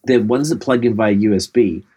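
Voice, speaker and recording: A man's voice: on the low side, moderate pace, mellow, slight background noise. A man co-hosting a podcast, telling rambling, profane stories in casual chat. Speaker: podcast co-host.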